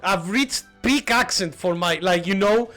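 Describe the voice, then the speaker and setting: A man, not a native English speaker, chatting excitedly and laughing through live gameplay commentary. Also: high-pitched, unhurried, soft background music. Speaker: streamer.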